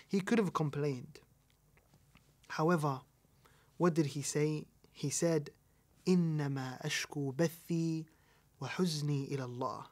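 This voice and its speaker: A British man with a fairly high-pitched voice teaches a religious lesson. He presses his points home, repeats them for weight and throws questions back at the listener. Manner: emphatic, repeats key points, asks rhetorical questions. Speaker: Islamic teacher.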